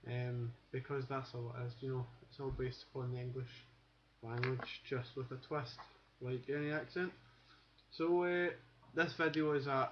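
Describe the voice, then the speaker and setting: Glasgow man teaching in a flat, rambling voice over a dull, lo-fi webcam mic. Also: mid-range voice, a little hiss or hum. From Scotland. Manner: rambling, many fillers and restarts. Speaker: accent teacher. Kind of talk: casual webcam lesson.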